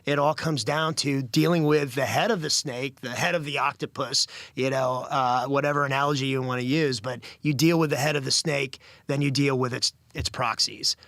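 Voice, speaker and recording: A man speaking as a guest correspondent in a news interview, earnest and halting with frequent restarts. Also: mid-range voice, steady tone, fairly bright tone, dry recording. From United States.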